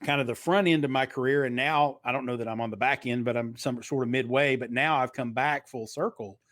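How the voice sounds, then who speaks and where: A man's voice: medium pitch, steady tone, brisk, a bit bright, dry recording. A man in his fifties speaks with a slight Eastern Kentucky twang. His delivery is fluent and practiced, like a trained broadcaster telling stories in an interview. The sound is dry and close. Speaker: guest. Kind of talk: casual interview storytelling.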